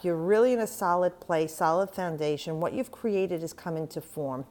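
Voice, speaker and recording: A woman's voice: on the low side, moderate pace, darkish tone. A middle-aged woman giving a tarot reading, talking straight to the viewer in an encouraging way. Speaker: tarot reader.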